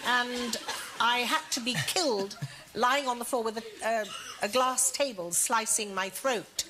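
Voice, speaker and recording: A woman's voice: on the high side, measured pace, sharp tone, a little hiss or hum. A woman with a posh British accent, a talk show guest bluntly telling anecdotes and laughing through her stories. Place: TV studio.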